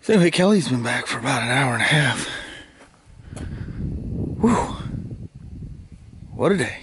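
A man vlogging casually about his day outdoors, rambling and laughing often as he gets excited. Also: mid-range voice, measured pace. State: out of breath. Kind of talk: casual vlog talk. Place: outdoors, yard and on a motorcycle. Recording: clear outdoor noise, vehicle sounds.

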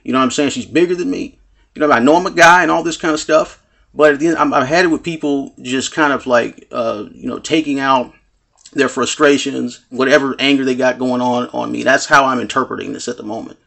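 A man's voice: mid-range voice, fairly even intonation, fairly quick, vocal fry, fairly bright tone. A man telling a personal story to camera in a rambling, casual way, filling his talk with "you know what I'm saying" and acting out quoted lines. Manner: acts out quoted lines with swearing.

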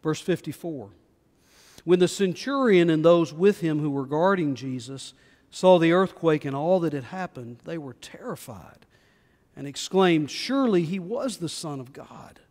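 Pastor guy reading scripture slow and solemn, big echoey church sound. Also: on the high side, a little mellow. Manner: measured, solemn reading with rising emphasis. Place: church sanctuary. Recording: long reverb of a church hall.

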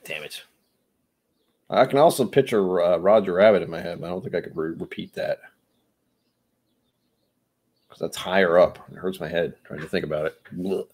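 A man's voice: low voice, normal speed, long pauses, a little mellow, slightly rough. A man hosting a casual livestream, a bit tipsy from whiskey, rambling with loose, self-mocking jokey asides. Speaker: livestream host.

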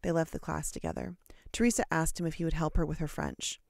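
An audiobook reader narrating a short story in a steady, measured way. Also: mid-range voice, gravelly, no room sound, clean studio sound. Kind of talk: storybook narration read aloud.

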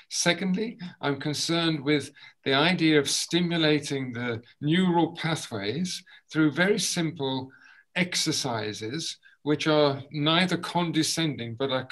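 Man, somewhat high voice, voice workshop leader, encouraging, video call. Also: rough recording. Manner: encouraging, demonstrates sounds with loud bursts. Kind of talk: leading a group voice exercise session.

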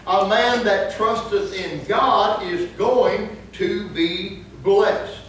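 High-voiced preacher in an echoey church. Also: male voice, steady tone, drawn-out words, a bit bright, recorded from a distance, slight background noise. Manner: humorous storytelling that rises into emphatic preaching. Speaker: pastor. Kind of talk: sermon. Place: church sanctuary.

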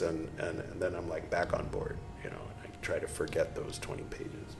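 Podcast host, male, low voice, reads aloud and wanders into joking asides; roomy sound. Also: brisk, vocal fry, hardly any pauses. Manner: rambling, self-mocking, breaks off to joke.

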